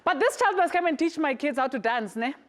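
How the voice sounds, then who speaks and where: A woman's voice: high-pitched, animated, fairly quick, slight background noise. A woman hosting a late-night comedy talk show, cheeky and teasing as she jokes and introduces guests in a TV studio. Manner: cheeky, joking, teasing banter. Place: TV studio with audience.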